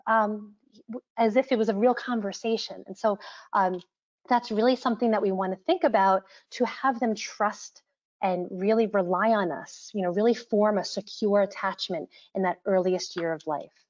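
A woman's voice: medium pitch, moderate pace. A woman presenting a webinar as an author, talking earnestly with frequent ums. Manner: earnest, frequent ums, quotes examples in lively voices. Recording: dull lo-fi webinar audio.

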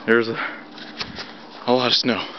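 A young man from North Carolina, out of breath from shoveling, rambling casually to his camera outdoors in deep snow. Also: flat delivery, a little slow. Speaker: vlogger. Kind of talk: casual vlog. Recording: dull low-fi camera audio with faint noise.

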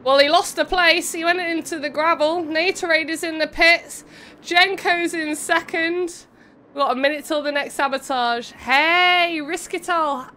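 In a very high, pushed, bright voice, a young woman streamer commentates a racing game event, a little slowly and with fairly even intonation. Between calls she chats with viewers, bubbly and giggly.

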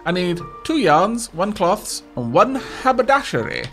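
A man's voice: sits high, big pitch swings, unhurried, fairly bright tone, faint music behind. A man hosting a casual let's play, chatting as he goes in a self-mocking way and stammering as he restarts his sentences. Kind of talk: casual gameplay commentary.

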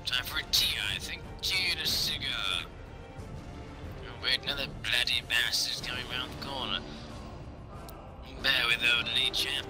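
A man's voice: mid-range voice, unhurried, long pauses, over music. Blustering man, hammy posh commander. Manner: hammy officer bluster, swears, adds "I say". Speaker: gaming commentator. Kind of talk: mock-posh gameplay banter.

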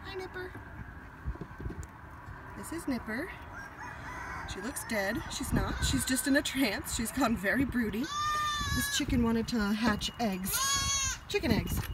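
A woman giving a casual walk-around farm vlog, chatty, switching to a high sing-song voice for her animals. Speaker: farmer vlogger. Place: outdoors on a farm. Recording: loud outdoor noise with animal sounds.

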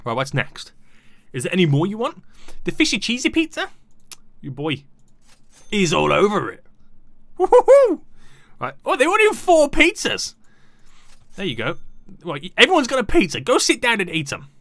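Young male gaming YouTuber, chatty and animated, dry mic. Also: sits high, moderate pace, gravelly, pauses often, no echo. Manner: playful, chatty, talks to game customers. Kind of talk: casual gameplay commentary.

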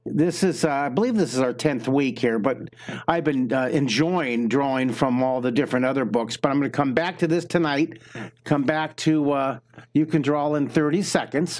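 A man giving a live drawing lesson, chatting with and greeting viewers while he talks through each step. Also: fairly high pitch. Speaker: drawing teacher.

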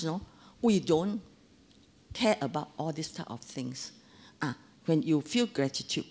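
A woman's voice: mid-range voice, husky. A woman in her sixties with a Singaporean English accent, giving an anecdotal Dharma talk full of local slang. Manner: animated storytelling with local slang. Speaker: Dharma speaker.

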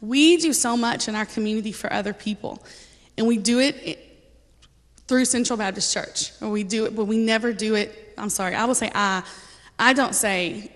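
A woman's voice: fairly high pitch, normal speed. A woman sharing a personal testimony with a church congregation, speaking casually and earnestly with frequent ums and light laughter. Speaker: church member giving a testimony. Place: church sanctuary. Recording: reverberant church hall.

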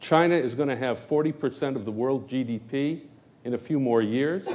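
A man speaks as a candidate at a public forum, giving his closing remarks. His voice sits at an ordinary middle pitch. He drives his argument with emphatic, repeated phrases. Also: moderate pace, darkish tone. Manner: emphatic, repetitive rhetorical build-up. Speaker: gubernatorial candidate. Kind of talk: debate closing statement. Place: forum hall.

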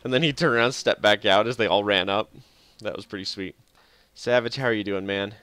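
This low-leaning male voice moves fairly quickly, sounding pushed and bright, with a clean tone and no echo. He's casually narrating a strategy game on a live stream, frequently chuckling and talking under his breath over faint game music.

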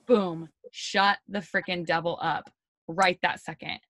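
A woman's voice: fairly low pitch, unhurried, no echo. Upbeat lady hyping up her team over a zoom call, chatty, dry close sound. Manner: energetic, chatty, lots of "like" and "you guys". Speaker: team leader giving a pep talk. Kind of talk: motivational talk on a video call. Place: home, on a video call. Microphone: video call.

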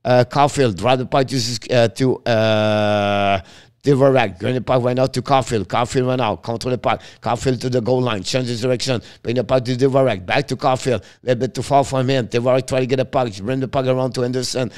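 Male hockey commentator, smooth voice, choppy English, rapid live play-by-play. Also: mid-range voice, fairly even intonation. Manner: halting non-native English, rapid call of the action; chats with viewers between plays.

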